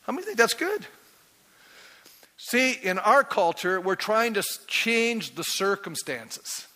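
Bright-voiced energetic man preaching. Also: high-pitched, slow pace, big-room sound. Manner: energetic, quizzes the congregation with rising questions. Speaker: pastor. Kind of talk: sermon.

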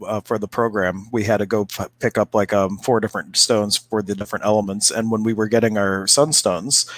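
A man's voice: fairly low pitch, flat delivery, fairly quick, no room sound. A man co-hosting a casual spiritual chat, telling stories in a rambling way with many restarts. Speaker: co-host, energy healer.

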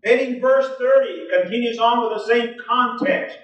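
Guy preaching in a church, pretty high voice, emphatic, reads scripture out loud, sounds far from the mic. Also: normal speed, muffled recording. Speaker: pastor. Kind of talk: sermon. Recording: echoey, distant 1980s church recording.

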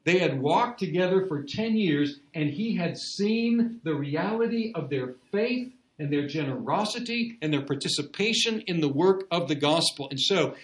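A man's voice: a little high, animated, normal speed, hardly any pauses, echoey room, poor audio. A man preaching an expository sermon, earnest, repeating key phrases for emphasis. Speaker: pastor.

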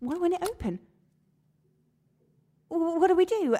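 A woman's voice: very high-pitched, lively intonation, a little slow, warm tone. An actress playing an anxious woman trapped in a sauna, talking in a frantic, panicky way in an audio drama. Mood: panicked. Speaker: sauna customer.

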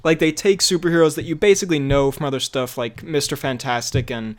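A man's voice: fairly high pitch, fairly even intonation, a little fast. A man co-hosting a casual podcast chat, rambling with lots of fillers and frequent laughter. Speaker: podcast co-host.

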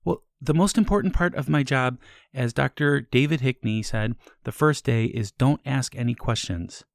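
A man playing a timid, stammering young male assistant in his twenties who keeps breaking into deep demonic growls. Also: normal speed, gravelly, no room sound, clean studio sound, lightly acted. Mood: meek. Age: 20s. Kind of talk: improvised comedy podcast. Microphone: headphones and studio mic.

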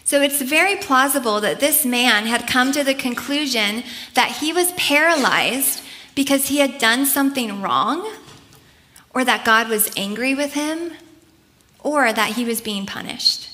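A woman's voice: high voice, lively intonation, unhurried, pushed and bright. A woman preaching a sermon in an earnest, conversational way, often adding casual asides.

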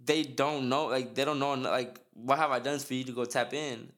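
A man's voice: mid-range voice, steady tone, moderate pace, fairly bright tone. A man hosting a podcast in casual chat, rambling with slang and lots of restarts. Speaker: podcast host.

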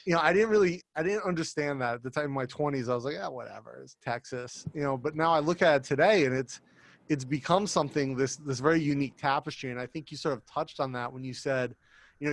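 A man's voice: mid-range voice, no echo. A man in his thirties co-hosting a podcast, talking casually and joking, sometimes putting on voices. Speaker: podcast co-host.

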